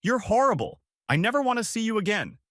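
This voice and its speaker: A woman's voice: very animated, brisk, fairly bright tone, no room sound, clean studio sound. A man voicing a young woman screaming at her brother in fury in a spoken story. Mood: screaming rage. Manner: screaming, shrill. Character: young woman, furious shrieking sister.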